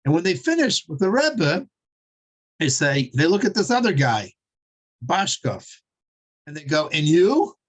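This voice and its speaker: A man's voice: fairly high pitch, big pitch swings, measured pace, long pauses, a bit bright. A man teaching a class and retelling a story, stumbling over and repeating his words, with frequent fillers and chuckles. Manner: chuckles while telling. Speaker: Torah teacher.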